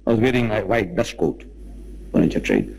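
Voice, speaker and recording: Animated man telling a story. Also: fairly low pitch, fairly quick, vocal fry, husky, low-quality recording. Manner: animated, rhetorical, retells dialogue. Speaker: public speaker. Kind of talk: lecture storytelling.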